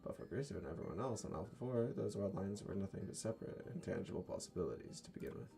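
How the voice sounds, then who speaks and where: A man reads a visual novel aloud in a brooding, low-key first person. His voice sits very deep with a gravelly, mellow grain. Faint music plays under him. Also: quick pace. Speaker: narrator.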